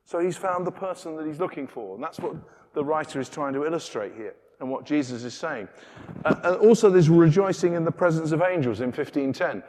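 A man's voice: on the high side, animated, fairly quick, darkish tone. A man preaching a sermon in a chatty, self-interrupting way, acting out little everyday scenes as he goes. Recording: long reverb of a hall.

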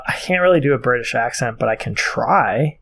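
A man co-hosting a casual podcast, easygoing and quick to laugh. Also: mid-range voice, expressive, vocal fry, fairly bright tone. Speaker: podcast co-host.

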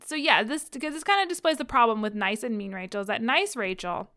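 Young female podcast co-host, dry close sound, giggly and animated recapper. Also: on the high side, brisk, no echo. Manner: giggly, animated storytelling with acted quotes. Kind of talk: casual chat.

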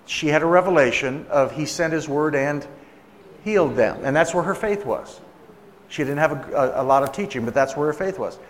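A man's voice: fairly high pitch, normal speed, slight background noise. Man preaching in a reverberant hall. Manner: conversational, acts out quoted voices. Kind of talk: sermon storytelling.

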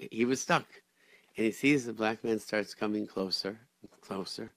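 A man hosting a radio chat, telling stories in a lively way with many restarts and Hebrew and Yiddish words. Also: on the low side, normal speed, dry recording. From Rochester, New York area. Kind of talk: casual storytelling chat.

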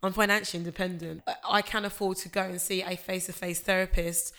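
Brief: woman in her thirties, a candid podcast guest, lower pitch, open and heartfelt. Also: flat delivery, fast, a bit bright. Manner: open and heartfelt, with many restarts. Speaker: radio presenter and podcast guest. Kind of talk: candid emotional conversation.

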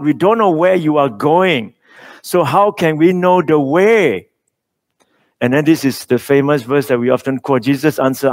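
A man preaching a sermon, reading scripture slowly and with emphasis, with small slips in his phrasing. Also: a little high.

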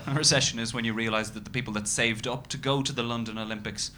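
A man in his thirties with an Irish accent, doing a stand-up comedy set in a dry, self-deprecating way with bursts of loud ranting. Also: medium pitch, steady tone, quick pace. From Ireland. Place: comedy club stage. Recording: noisy live club recording.

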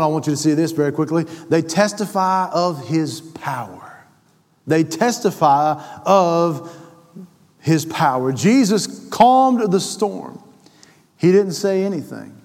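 Preacher, male, high voice, folksy, swells into near-shouted passion, long hall echo. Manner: rising to impassioned, near-shouted climaxes; folksy, calls listener brother. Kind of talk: sermon.

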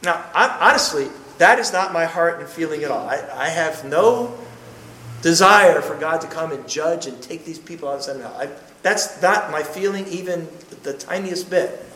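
High-voiced preacher man in echoey room. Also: moderate pace, pushed and bright, a little hiss or hum. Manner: emphatic, punchy, with joking asides. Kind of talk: sermon.

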